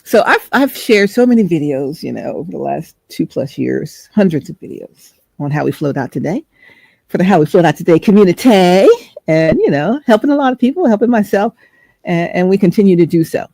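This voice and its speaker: A woman's voice: fairly low pitch, expressive, a little fast, creaky, warm tone, no echo. A middle-aged woman hosting a vlog, telling a chatty, rambling story and searching for words as she goes. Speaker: host.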